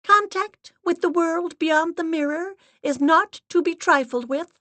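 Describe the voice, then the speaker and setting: A woman's voice: very high voice, unhurried, dry recording, pitched above the performer's own voice. A woman putting on a stern, intoning medium's assistant. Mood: solemn intoning. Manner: intoning steady monotone, formal. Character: solemn female medium's assistant, stern and commanding.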